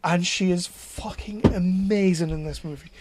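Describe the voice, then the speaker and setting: Excitable sweary man. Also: high-pitched, normal speed, background noise. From North East England. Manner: excitable, swears freely, laughs while talking. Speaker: podcast co-host. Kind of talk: casual film chat.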